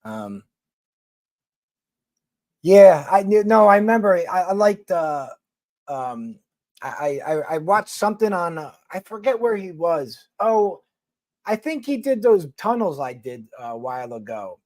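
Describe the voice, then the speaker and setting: A man's voice: high-pitched, big pitch swings, a little slow, darkish tone, no room sound. A man from New York City with a Philadelphia accent, chatting casually with viewers on a livestream in a blunt, rambling, profane way.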